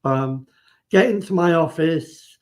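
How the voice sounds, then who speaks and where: A man's voice: on the high side, slow pace. A man, a guest on a live stream, vividly retelling events in casual storytelling, acting out what people said and restarting his sentences.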